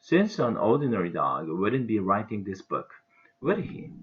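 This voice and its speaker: Expressive man reading a storybook. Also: on the low side, a little slow, muffled recording. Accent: Korean. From Korea. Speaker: English teacher reading aloud. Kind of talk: reading a children's novel aloud.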